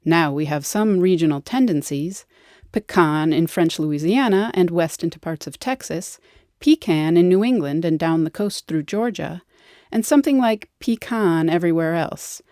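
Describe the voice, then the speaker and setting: A woman's voice: lowish voice, animated, normal speed, warm tone, no echo. A woman narrating a scripted educational explainer with a wry, lightly playful delivery, recorded on a close studio mic.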